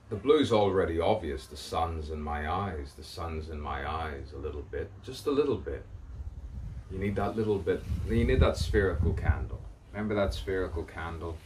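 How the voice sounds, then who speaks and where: A man's voice: low voice, expressive, normal speed, a little mellow, distant mic, slight background noise. A man outdoors delivering a rambling spoken-word monologue, repeating phrases and playing with rhyming words. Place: outdoors in the sun.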